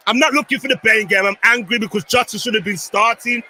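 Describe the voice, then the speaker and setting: A man co-hosting a live fan watchalong stream, agitated and often shouting at the game as it unfolds. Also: high-pitched, fast, slight background noise. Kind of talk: live match watchalong chat.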